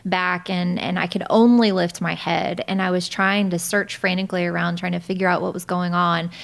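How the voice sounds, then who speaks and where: A woman in her thirties sits as a guest on a podcast and tells her own story. She speaks in a lively, animated way and often laughs between lines. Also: on the low side, normal speed, creaky. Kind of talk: personal storytelling in a podcast interview.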